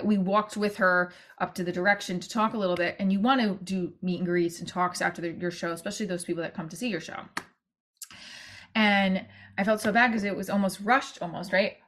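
A woman's voice: medium pitch, fairly bright tone. A woman talks on her own podcast in a loose, conversational monologue. She jumps between thoughts, restarts her sentences and adds side remarks as she goes. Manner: chatty and rambling, with many restarts and asides. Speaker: podcast host and actor-comedian.

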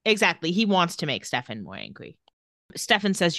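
A woman with a lower voice chats through a TV episode recap, and her pitch swings widely as she reads the characters' lines aloud. Her delivery is animated. The recording is dry, close and free of room sound. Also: fairly quick, dry recording. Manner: reads out quoted dialogue with lively shifts in pitch and pace. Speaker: podcast co-host recapping a TV episode. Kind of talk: casual recap chat.

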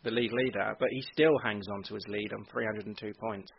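Laughing podcast host, husky voice. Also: male voice, lowish voice, steady tone, fairly quick. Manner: laughs often, runs segments. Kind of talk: casual podcast chat. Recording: dull lo-fi audio.

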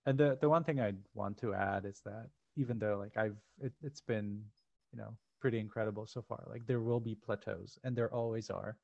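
A man co-hosting a podcast in loose, rambling chat, full of fillers and restarts. His voice is gravelly and stays flat in pitch. The sound is dry and a little dull. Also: a little fast, no room sound. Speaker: podcast co-host. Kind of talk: casual chat.

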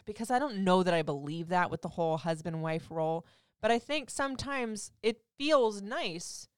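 A woman in her thirties, a radio host, talking candidly and chattily in a casual monologue, getting loud for emphasis and dropping soft for asides. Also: sits low, clear, resonant tone, no echo, studio quality.

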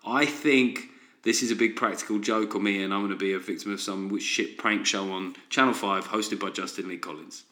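A man's voice: lowish voice, steady tone, moderate pace, sharp tone. A man hosting a solo comedy podcast, ranting sardonically and tossing in frequent "right?" asides. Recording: roomy echo.

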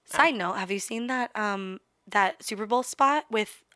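Joking, animated woman podcast host. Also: mid-range voice, unhurried, no room sound, studio quality. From Italian heritage. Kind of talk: casual chat.

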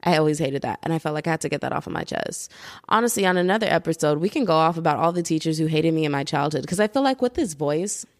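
A woman's voice: low voice, expressive, fast, no room sound, clean studio sound. A young adult woman hosting a casual solo podcast, chatty and rambling, laughing at herself and tossing in lots of "like" and "y'all", recorded at home under a blanket. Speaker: podcast host.

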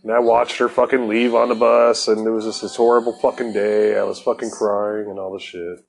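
A man's voice: fairly low pitch, little pitch movement, brisk, vocal fry, poor audio. A man hosting his own podcast, telling a personal story in a profane, laid-back way and laughing often. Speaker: podcast host. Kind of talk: casual storytelling.

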